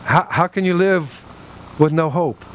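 A male pastor preaching a sermon in an animated way, acting out little dialogues with God. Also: on the high side, a little slow, slight background noise.

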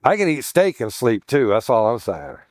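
A pastor in a sermon, teaching in a chatty way, with joking asides and questions for the congregation. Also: male voice, mid-range voice, big pitch swings, normal speed, a little mellow, no room sound, clean studio sound. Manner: chatty, jokey asides, asks the room questions.

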